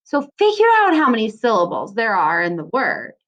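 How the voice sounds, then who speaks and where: A woman's voice: on the high side, wildly swooping pitch, moderate pace, a bit bright, lo-fi sound. A woman teacher giving a recorded lesson to young children, stretching out syllables in a sing-song way. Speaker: second grade teacher.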